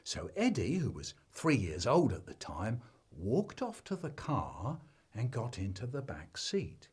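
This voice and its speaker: A man telling a comic family story, acting out the children's shouts in an animated way. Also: mid-range voice, measured pace, slightly rough.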